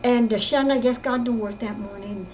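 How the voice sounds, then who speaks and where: An older woman telling her own story in casual, rambling speech, often halting and repeating herself. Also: a little high, a little mellow, dull audio, a little hiss or hum. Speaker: interviewee recounting her life. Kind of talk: casual spoken reminiscence.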